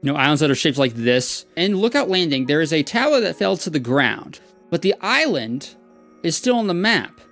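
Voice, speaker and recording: A man's voice: a little high, big pitch swings, moderate pace, a bit bright, faint music behind. A man streaming a video game, talking in casual, self-amused commentary as he plays.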